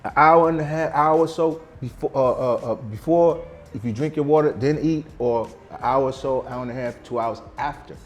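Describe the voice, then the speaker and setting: A man's voice: mid-range voice, normal speed, faint music behind. A middle-aged man, a vegan chef guest, talking in an emphatic, slangy, boastful way in a casual interview at a restaurant.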